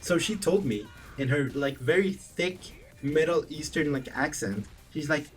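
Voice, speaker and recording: Animated young man telling a story. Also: a little high, measured pace, few pauses. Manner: animated, profane, rambling with self-corrections. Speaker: vlogger. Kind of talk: casual storytelling vlog. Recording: distant mic, faint background music.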